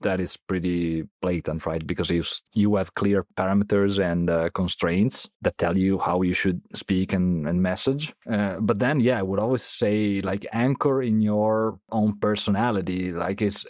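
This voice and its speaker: Low-voiced man, halting guest answers. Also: a little mellow, no room sound, clean studio sound. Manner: hesitant, many fillers and restarts. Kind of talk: casual interview answers.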